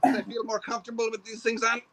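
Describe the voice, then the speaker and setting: A man's voice: very high-pitched, completely flat delivery, fast talker, a bit bright, a little hiss or hum, poor audio. An older man, a show host, chatting as a podcast guest in a rambling, self-deprecating way. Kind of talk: casual podcast chat.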